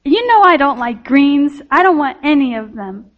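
A woman voicing an eager, fussy seven-year-old girl in a storytelling children's sermon, with a bright, excitable tone. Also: high-pitched, moderate pace, highs cut off. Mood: childlike.

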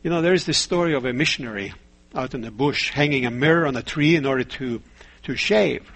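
A man preaching a sermon in a measured way, asking rhetorical questions and telling stories. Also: medium pitch, fairly bright tone, slightly rough.

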